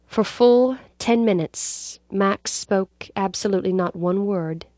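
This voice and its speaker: A woman narrating a story aloud in a measured, dramatic reading style. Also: mid-range voice, darkish tone, no echo, studio quality.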